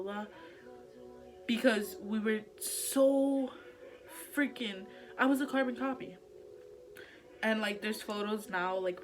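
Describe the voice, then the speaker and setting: A woman's voice: mid-range voice, a little hiss or hum. A young adult woman talking in a casual personal vlog, heartfelt and chatty, full of "like" and "um" fillers. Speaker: vlogger.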